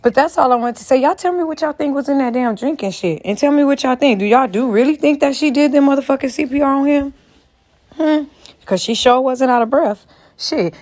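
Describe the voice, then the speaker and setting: Brief: woman vlogger, fairly high voice, profane and emphatic, talks straight to camera. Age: adult, a mother. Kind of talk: casual commentary rant.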